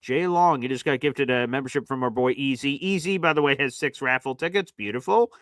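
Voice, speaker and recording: A hyped-up livestream host with a medium-pitched, fairly bright voice talks fairly quickly on a casual sports stream, calling his viewers "baby" as he reads off gifts. The sound is dry and clean, like a studio.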